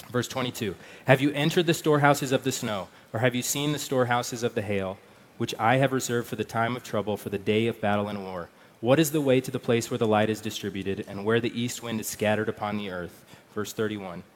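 A man's voice: fairly low pitch, slight background noise. A man preaching a sermon, speaking conversationally and reading scripture aloud. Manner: conversational, repeats words, reads scripture aloud. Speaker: pastor.

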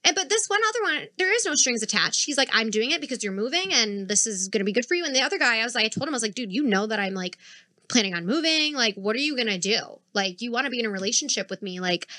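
A woman's voice: on the high side, quick pace, dry recording. A young woman co-hosting a podcast, telling a long story in casual chat, cursing freely and acting out the people she quotes. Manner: animated, swears freely, acts out quoted dialogue. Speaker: podcast co-host.

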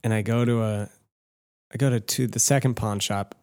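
A man's voice: fairly low pitch, fairly even intonation, normal speed, a little mellow, clear, resonant tone. A man telling a long personal story in casual chat, self-deprecating and swearing freely, with rambling asides. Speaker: podcast host telling a story.

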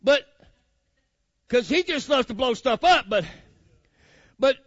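A man's voice: very high voice, animated, slow pace, a bit bright, no echo. A man preaching a sermon, fiery and colloquial, calling out to his congregation. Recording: muffled lo-fi recording.

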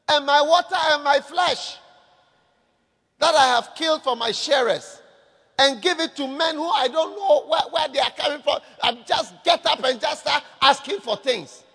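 A proud, scornful miser voiced by a man mid-sermon, incredulous and complaining. His raised voice sounds high and bounces around a long, echoing hall. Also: a little slow, pushed and bright, exaggerated voice. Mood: indignant. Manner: mocking, incredulous repetitions. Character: scornful stingy rich man, indignant and proud. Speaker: pastor. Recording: echoey hall reverb.

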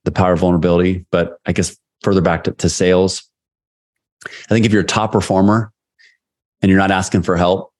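Man, very deep voice, podcast guest, candid storyteller, casual interview. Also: a little mellow. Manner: candid, anecdotal, retells conversations. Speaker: podcast guest, sales leadership coach.

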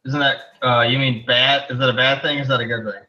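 A man playing a tabletop game, excitable and quick to swear. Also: mid-range voice. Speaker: player. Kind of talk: casual tabletop play. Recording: dull lo-fi mic.

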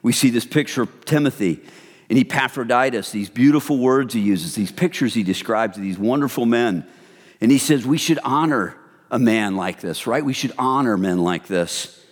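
A man preaching an animated sermon, his voice sitting in the middle of the male range. He slips into hushed asides to act out everyday gossip. The sound carries a long hall reverb. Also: medium pitch, moderate pace. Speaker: pastor.

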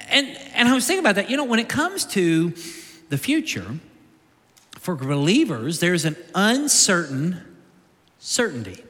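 A pastor preaches with urgency, hammering home repeated lines. His voice sits high and bright. It rings out with the long reverb of a large church sanctuary. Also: very animated, a little slow, long pauses. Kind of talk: sermon. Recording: long reverb of a big hall.

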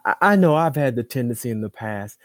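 A man preaching with big swings in pitch and volume, rising to booming, drawn-out lines and dropping to hushed asides. He repeats himself and restarts sentences as he goes. The recording is close and dry. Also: lively intonation, no room sound. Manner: repeats words and restarts often. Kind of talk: sermon.

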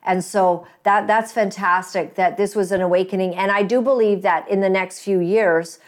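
A woman's voice: medium pitch, fairly even intonation, normal speed. A woman hosting an interview, speaking gratefully and effusively, with many fillers and restarts. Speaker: host, interviewer. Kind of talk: casual interview talk.

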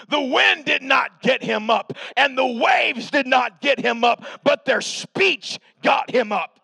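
A man preaching a revival sermon as pastor, shouting with emphasis and then dropping to a hush. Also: very high-pitched, animated, takes it slowly, gravelly, hardly any pauses, slightly rough, dry recording. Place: church sanctuary.

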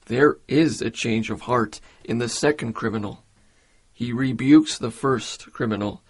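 Male devotional speaker, slow and deliberate, earnest, mid-pitched voice. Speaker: preacher. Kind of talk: devotional meditation.

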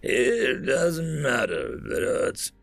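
A man voicing a pompous, hot-tempered male alien priest who barks raspy commands. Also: medium pitch, huge pitch swings, slow, no room sound, soft background music, pitched above the performer's own voice, heavily acted. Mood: furious. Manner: shouting, commanding.

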